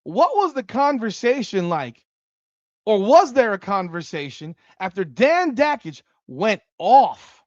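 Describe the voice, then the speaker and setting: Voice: mid-range voice, very animated, slow, dry recording, highs cut off. A sports commentary host ranting on a livestream, profane and heated.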